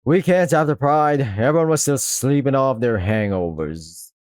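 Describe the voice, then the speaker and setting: A man voicing a gruff, fatherly middle-aged male rooster who smokes with a rough, teasing drawl. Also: mid-range voice, expressive, normal speed, a little mellow, no echo, studio quality, close to an everyday voice. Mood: storytelling. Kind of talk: voiced visual novel reading.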